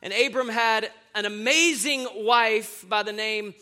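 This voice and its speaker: A man preaching a sermon, lively and jokey, calling on the crowd for amens. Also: high-pitched, a little slow.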